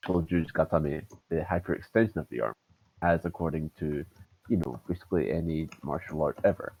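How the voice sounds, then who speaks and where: A Scottish podcast co-host on a headset over voice chat rambles, swears, and jokes in a rumbling low, fairly quick voice. It's creaky with a breathy edge, and the sound is lo-fi.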